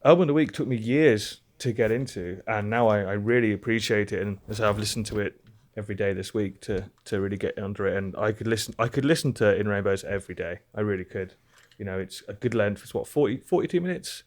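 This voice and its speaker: A man's voice: lowish voice, quick pace. A young British man chatting casually as a podcast co-host, rambling and swearing now and then. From Britain. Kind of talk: casual chat.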